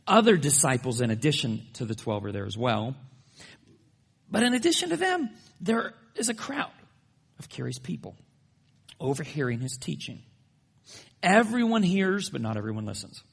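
A male pastor delivers a sermon with a gravelly, husky edge to his voice. He tells everyday stories with playful, humorous asides before turning to scripture. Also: medium pitch, sing-song, normal speed.

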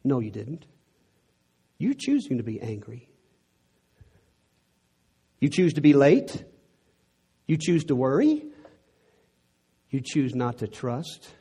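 A man's voice: medium pitch, warm tone, breathy edge. A middle-aged man from Texas with a Texan accent, preaching a sermon in an earnest way that builds to emphatic peaks.

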